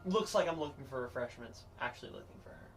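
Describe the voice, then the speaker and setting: A man's voice: mid-range voice, big pitch swings, quick pace, vocal fry, music in the background. A man playing a tabletop game, talking casually and hesitantly as he thinks aloud. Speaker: player. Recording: distant mic, faint noise.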